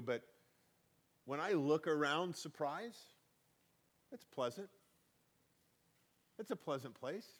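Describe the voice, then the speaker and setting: A man pastor preaching a conversational sermon, folksy and emphatic, swelling on key points and chuckling between them. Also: mid-range voice.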